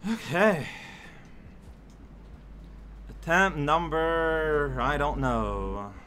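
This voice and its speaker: A man giving casual gameplay commentary, muttering to himself and bursting into exasperated shouts. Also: a little high, drawn-out words, slight background noise. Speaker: let's play commentator.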